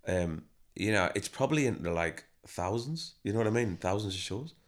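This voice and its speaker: A man's voice: fairly low pitch, a little fast. A man, a band member who also manages the band, telling stories casually in an interview and acting out what people said. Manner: chatty, animated storytelling with acted-out quotes.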